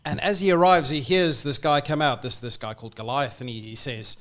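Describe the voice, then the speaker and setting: An Australian man retelling a bible story on the radio in a lively, animated way. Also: fairly high pitch, a little fast, hardly any pauses. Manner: lively, animated storyteller who acts out characters. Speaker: church guest.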